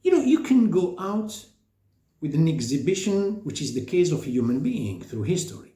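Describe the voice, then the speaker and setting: A man lectures on faith in an animated, emphatic way, his voice swinging up and down and often stopping to ask whether you follow. His tone is mellow and somewhat high for a man. The room around him is echoey. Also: moderate pace. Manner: animated, emphatic, with sudden pitch jumps and rhetorical questions. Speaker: speaker on faith and psychology. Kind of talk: informal spiritual lecture.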